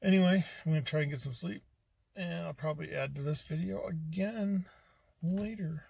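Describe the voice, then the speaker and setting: A man's voice: on the high side, moderate pace, gravelly, slightly rough, no echo. A man talking casually and rambling to his vlog camera from inside a car, with lots of ums. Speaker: vlogger on a treasure hunt road trip. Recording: noisy car cabin, from the mic. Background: loud road and engine noise.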